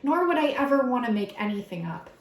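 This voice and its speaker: A woman doing a casual tarot reading for her viewers, excitable and swearing freely as she talks straight to the camera. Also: a little high, fast, roomy sound, low-quality recording. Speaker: tarot reader. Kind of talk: casual spiritual reading vlog.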